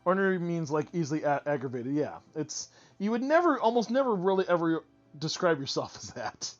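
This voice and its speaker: A woman's voice: deep voice, sing-song, brisk, dull audio, faint music behind. A woman streaming a game, chatting casually with viewers in a playful, talkative way with frequent restarts. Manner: chatty, playful, answers chat, hesitant restarts. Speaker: streamer reading game dialogue. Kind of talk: casual live-stream chat and voiced dialogue reading.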